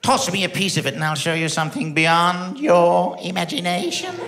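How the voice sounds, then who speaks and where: Sly pirate lady, coaxing sing-song, pitched way up high and bright, put on by a male comic. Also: expressive, moderate pace, reverberant. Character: sly eccentric woman in pirate costume.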